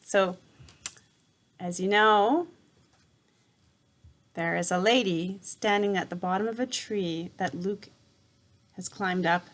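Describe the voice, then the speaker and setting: A woman reading a children's novel aloud in a calm, steady narrating voice. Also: mid-range voice, slow pace, long pauses. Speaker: reader. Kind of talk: storybook read-aloud.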